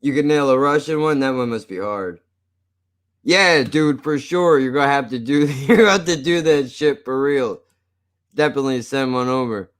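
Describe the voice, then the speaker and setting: A man's voice: medium pitch, normal speed. Joking, foul-mouthed male streamer. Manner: profane, joking, laughs often. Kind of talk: casual live-stream chat.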